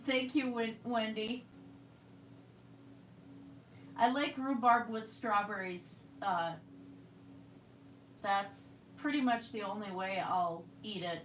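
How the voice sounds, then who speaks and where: A woman's voice: medium pitch, takes it slowly, a little hiss or hum. A woman chatting casually while painting on a livestream, rambling and answering viewer comments. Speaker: livestreaming artist.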